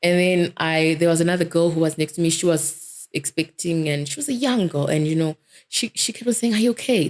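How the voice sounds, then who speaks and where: A woman, a dentist telling her personal story as an interview guest in a vivid, animated way. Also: fairly low pitch, fairly quick. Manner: vivid, animated storytelling, self-described vocal.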